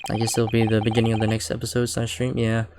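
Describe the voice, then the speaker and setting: A man's voice: on the low side, monotone, fast, noisy background. A young man streaming a video game live, talking casually in a rambling way with many fillers and self-corrections.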